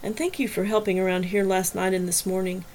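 A protective young daughter in a spoken novel, soft and earnest as she confides, voiced by a woman narrator. Her voice stays close to the narrator's own, only a touch quieter. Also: mid-range voice, flat delivery, a little fast, slight background noise, lightly acted, poor audio. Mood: confiding.

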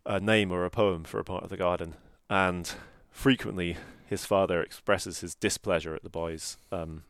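A man's voice: deep voice, fairly even intonation, normal speed, a bit bright, clean tone, no echo, studio quality. A man co-hosting a podcast, explaining a classic novel in a careful, explanatory way. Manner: explanatory, careful, pronounces Chinese terms. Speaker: podcast co-host. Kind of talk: casual book discussion.

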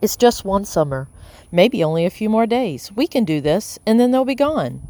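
A woman's voice: medium pitch, sing-song, moderate pace, warm tone, no echo, voice pushed up, natural voice. A woman voicing a bold, cheeky young girl in an audiobook, speaking in a breezy, confident way. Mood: scheming.

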